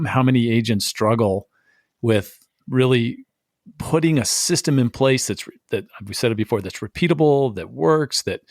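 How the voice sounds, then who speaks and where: Male host, mid-pitched, halting questioner, dry close recording. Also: no echo. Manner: halting, repeats words while forming questions. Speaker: podcast host. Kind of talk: interview questions.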